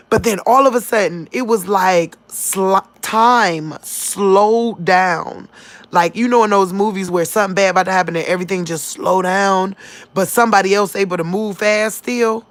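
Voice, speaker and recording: A woman, telling her viewers about a dream in a casual, emotional way. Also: medium pitch. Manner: emotional, talks straight to viewers, animated. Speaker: vlogger sharing dreams.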